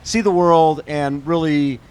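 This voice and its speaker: A man's voice: fairly high pitch, slow, darkish tone, slight background noise. Enthusiastic male interview host. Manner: enthusiastic, recaps events for guest. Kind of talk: casual interview.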